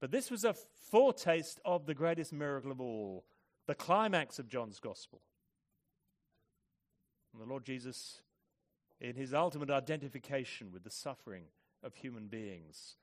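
A man preaching a sermon, moving between hushed, measured reflection and loud, forceful emphasis. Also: medium pitch, expressive.

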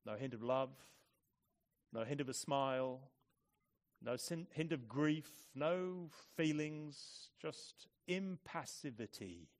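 A man preaching a sermon, moving between hushed, measured reflection and loud, forceful emphasis. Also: mid-range voice, lively intonation.

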